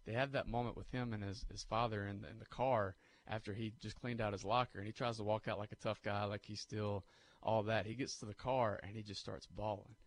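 A man co-hosting a sports radio show, telling movie scenes in a lively, animated way. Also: lowish voice, fairly quick. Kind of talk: casual sports talk.

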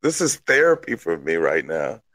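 A man's voice: deep voice, very animated, moderate pace, a bit bright, no room sound. A man co-hosting a wrestling podcast in laid-back, joking casual chat. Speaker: podcast co-host.

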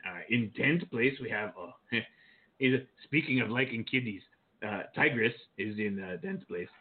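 Male co-host, low voice, rambling and flirty, tinny phone-line sound. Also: animated, a little slow. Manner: flirty, joking asides, rambling. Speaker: co-host reading rankings. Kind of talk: casual joking show chat.

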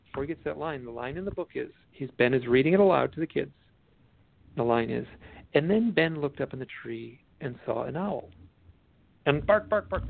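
A man, an author and guest expert, telling a story in an animated, rambling way with many restarts. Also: a little high, creaky. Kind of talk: storytelling interview chat. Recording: tinny phone line.

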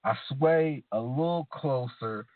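Guy cohosting a podcast, slow and opinionated, sounds like its over a phone. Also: mid-range voice, dry recording. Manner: drawling, opinionated, slows down for emphasis. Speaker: podcast co-host. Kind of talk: casual profane banter. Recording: dry, tinny phone-like sound.

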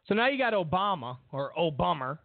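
Gravelly man ranting over a tinny line. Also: on the high side, expressive, slow pace, dry recording. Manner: rambling, many fillers and restarts, mocking quotes. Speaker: show host. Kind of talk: political commentary monologue. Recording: dry tinny phone-like sound.

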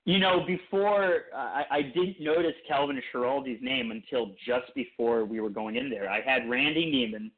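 Man, podcast co-host, casual chat, rambling with restarts, mid-pitched voice, tinny phone-like line. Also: moderate pace, hardly any pauses.

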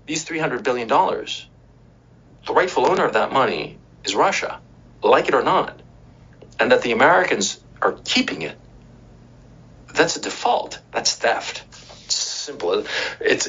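Husky, profane male political commentator. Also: mid-range voice, a bit bright. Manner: profane, emphatic, rhetorical asides; checks in with "right?" and "okay?". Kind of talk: ranting commentary monologue. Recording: dull lo-fi recording.

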